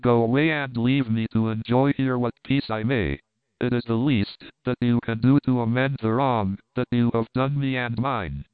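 A man's voice: mid-range voice, steady tone, smooth, dry recording, natural voice. A man voicing a fierce, commanding noblewoman. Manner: cold, commanding, slow and firm. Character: fierce, proud noblewoman defending her land. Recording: dry, tinny phone-like sound.

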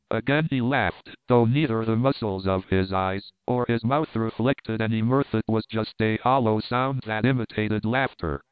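A man reads a novel aloud in a measured, even way. His voice is smooth and clear. The recording is dry, with a thin, phone-like sound. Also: fairly low pitch, no room sound. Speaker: audiobook narrator.

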